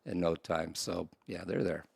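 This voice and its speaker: A man's voice: deep voice, steady tone, moderate pace, creaky, a little mellow, husky, no echo, clean studio sound. A man co-hosting a casual podcast, rambling and restarting his sentences as he tells a story. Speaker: podcast co-host. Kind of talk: casual chat.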